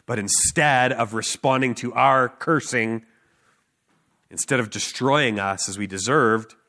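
Earnest man preaching, bright edgy voice sitting a little low, emphatic with loose fillers. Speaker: street preacher. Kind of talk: sermon with personal story.

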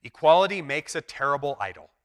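A man's voice: fairly high pitch, big pitch swings, fast. A man preaching a sermon in an earnest, emphatic way. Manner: earnest, emphatic preaching that acts out quoted voices. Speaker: pastor.

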